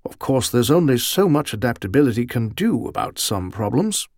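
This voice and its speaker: Gravelly grim general talking to himself, guy reading it out as a gloating duke, dry close sound. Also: mid-range voice, big pitch swings, normal speed, a little mellow, no echo. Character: gruff battle-hardened male duke general, vengeful. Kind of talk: audiobook character reading.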